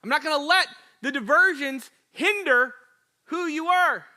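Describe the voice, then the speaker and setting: A man's voice: extremely high pitch, measured pace, sharp tone, pitched above the performer's own voice, exaggerated voice. A man voicing God as emphatic and encouraging.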